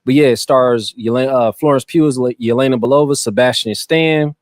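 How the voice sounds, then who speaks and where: A man's voice: medium pitch, a little fast, no echo, clean studio sound. A man hosting a podcast, chatting casually and loosely about a film, often tripping over names. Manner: relaxed, slangy, stumbles over names. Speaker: podcast host. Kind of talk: casual movie-review chat.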